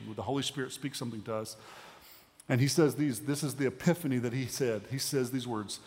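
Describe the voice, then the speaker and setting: A man giving a sermon as a pastor, conversational with pauses and emphatic rises. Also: medium pitch. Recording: long hall reverb.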